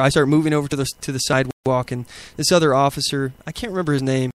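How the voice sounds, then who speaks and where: A man's voice: medium pitch, fairly even intonation, fast talker, dry recording. A man hosting a talk show, giving indignant, rambling commentary on video clips with many fillers and restarts. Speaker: podcast host.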